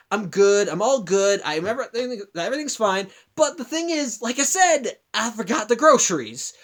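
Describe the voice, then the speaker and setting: A man's voice: very high-pitched, fairly bright tone. A man in his twenties tells a long story in vlog style, rambling, with many restarts and asides. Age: 20s. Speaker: vlogger.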